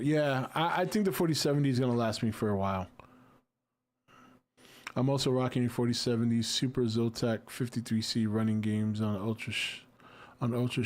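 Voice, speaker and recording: A man's voice: mid-range voice, darkish tone. A man in his forties hosting a casual livestream, reading and answering chat with a laid-back, jokey manner.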